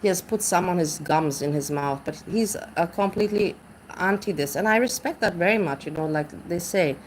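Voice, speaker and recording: A woman with a low voice livestreams while intoxicated, reading chat at normal speed. She rambles, searches for words, and restarts often, on a low-quality recording with slight background noise.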